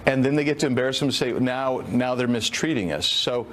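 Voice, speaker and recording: Man, political commentary, halting, repetitive, mid voice, faint ambience. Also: mid-range voice, a bit bright, a little hiss or hum. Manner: halting, repeats himself.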